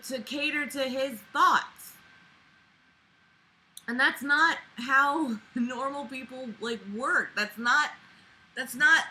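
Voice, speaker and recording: A woman's voice: a little high, pushed and bright, a little hiss or hum, poor audio. A woman reading a novel aloud and breaking off with sarcastic, profane, exasperated commentary. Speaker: book reader and commentator.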